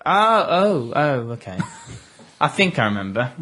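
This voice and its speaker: A man's voice: a little high, big pitch swings, unhurried, bright, forceful tone. A man chatting on a tabletop gaming podcast, joking at his own expense and laughing often. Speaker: podcast regular. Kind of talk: casual chat among tabletop gamers.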